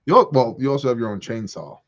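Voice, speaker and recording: On his porch, a man hosts a prepper Q&A livestream, reading viewer comments and joking around like an animated storyteller. His mid-range voice moves fast, and the audio has its highs cut off.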